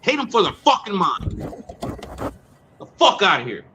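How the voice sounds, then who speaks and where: A man in a casual online talk, telling a story in a loud, profane and animated way, stumbling over repeated words. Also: sits high, a little slow, a little hiss or hum. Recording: dull lo-fi sound.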